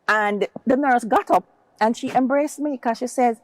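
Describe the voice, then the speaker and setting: A woman's voice: moderate pace, no room sound. A woman tells an emotional personal story as a guest, acting out other people's words in her own voice. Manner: acts out quoted voices, rising high for others' words.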